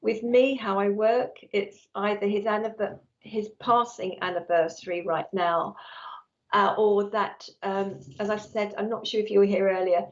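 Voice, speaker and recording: A woman's voice: mid-range voice, steady tone, moderate pace. A woman working as a psychic medium on a live stream, chatty and affectionate, reading messages from viewers. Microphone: earphones with mic. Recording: slightly dull lo-fi stream audio.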